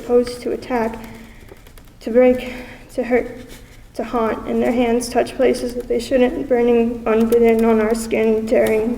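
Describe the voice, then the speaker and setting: A woman's voice: a little high, creaky, mellow, slight background noise. A young woman reading a spoken-word poem in an intense, dramatic way. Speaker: student poet. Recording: distant mic in a reverberant hall.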